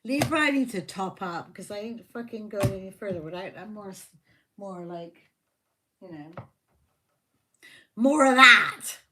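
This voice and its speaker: A woman's voice: medium pitch, normal speed. A woman giving a casual live tarot reading, blunt, joking and full of swearing. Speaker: tarot reader. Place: home livestream.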